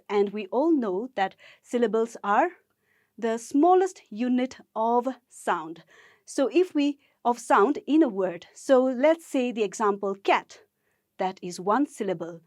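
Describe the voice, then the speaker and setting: A woman teacher from Nagaland, India, leading a gamified poetry lesson for school students in a slow, encouraging way. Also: on the high side, darkish tone, no room sound, studio quality. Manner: encouraging, speaks slowly and deliberately to learners.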